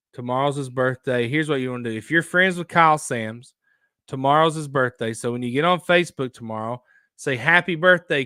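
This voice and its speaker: Excitable man hosting live chat. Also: mid-range voice, smooth, no room sound, clean studio sound. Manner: excitable, rambling, reacts loudly to viewer photos. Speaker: outdoors show host. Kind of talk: casual live-stream chat.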